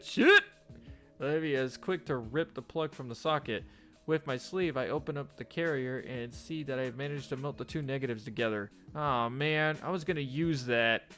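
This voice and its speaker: Young man, casual let's-play narration, stumbles and rereads, medium pitch, faint music behind. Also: a bit bright. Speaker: gamer reading a visual novel aloud. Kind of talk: let's play narration, reading game text.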